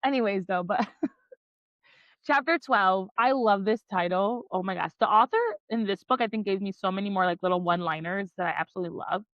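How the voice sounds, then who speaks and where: A woman's voice: medium pitch, a little fast, dry recording, lo-fi sound. A woman hosting a book podcast, chatting casually and enthusiastically as she summarizes chapters, full of "like" fillers. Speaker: podcast host.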